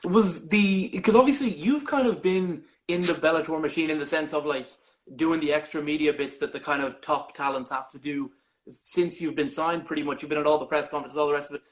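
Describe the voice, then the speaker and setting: Guy hosting a live interview, slightly high voice, rambly questions. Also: fairly quick. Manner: hesitant, rambling questions with restarts. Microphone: live video stream.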